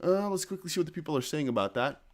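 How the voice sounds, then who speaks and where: A man hosting a casual live crypto news stream, excitably thinking aloud as he reads viewer chat and posts. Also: on the high side, fast. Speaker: crypto news livestream host.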